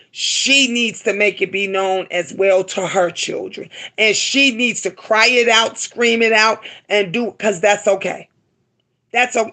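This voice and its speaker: A woman's voice: medium pitch, fairly bright tone. A middle-aged woman hosting a live stream, talking to her viewers with emotion and often repeating herself for emphasis. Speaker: livestream host.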